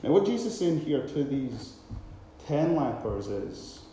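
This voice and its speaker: A man preaching a sermon with dramatic delivery, now and then acting out loud shouted cries. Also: mid-range voice, big pitch swings, measured pace, slight background noise. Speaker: pastor. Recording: very echoey hall.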